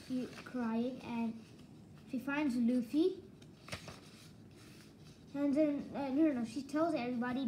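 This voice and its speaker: A woman reviews manga in a casual, rambling way. She talks slowly, with a mellow, relaxed tone and a fairly high voice. She keeps restarting her sentences as she goes. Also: a little hiss or hum, low-quality recording. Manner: rambling, excitable retelling with many restarts. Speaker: book reviewer.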